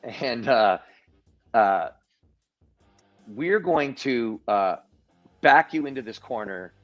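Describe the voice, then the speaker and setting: A man's voice: medium pitch, expressive, slow pace, highs cut off, soft background music. A man guesting on a livestream, telling stories animatedly with frequent restarts over a video call. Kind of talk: political commentary on a livestream.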